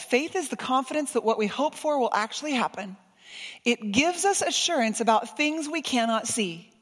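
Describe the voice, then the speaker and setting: A woman preacher delivering a sermon, expressive, moving between soft, gentle passages and emphatic ones. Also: sits high, long reverb tail.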